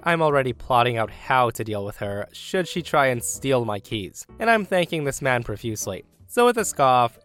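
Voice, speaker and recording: A man narrating a reddit story aloud with a lively, animated delivery. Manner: lively, animated delivery that jumps in pitch for emphasis.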